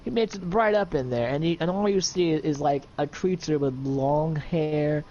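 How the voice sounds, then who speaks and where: Man, improvised storytelling, lots of fillers, slightly high voice, muffled voice chat, faint background ambience. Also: moderate pace, dark tone, a little hiss or hum. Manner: rambling, full of fillers, checks in with the listener. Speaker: storyteller running an improvised adventure.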